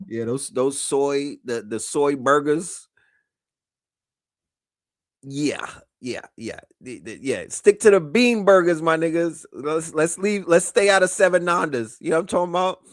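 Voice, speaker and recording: A man's voice: fairly high pitch, measured pace, no room sound, clean studio sound. A man giving loose, mocking reaction commentary on a clip. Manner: mocking, loose, laughing asides.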